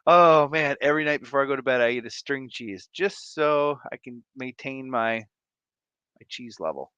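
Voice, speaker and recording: A man's voice: mid-range voice, normal speed, fairly bright tone, smooth, no echo, muffled recording. A man in his thirties hosting a casual live stream, playful and sing-song as he greets viewers by name, sounding tired. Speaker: livestream host.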